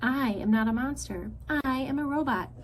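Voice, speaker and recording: A woman voicing a calm, polite female robot mother in a storybook reading. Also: high-pitched, normal speed, voice pushed up, low-quality recording. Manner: even, formal, friendly.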